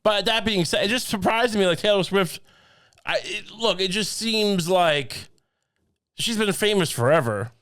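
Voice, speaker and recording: A man's voice: sits high, unhurried, a bit bright, clean tone, no echo, studio quality. A man co-hosting a podcast, rambling and joking, often laughing through his lines. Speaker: podcast co-host. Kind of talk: casual chat.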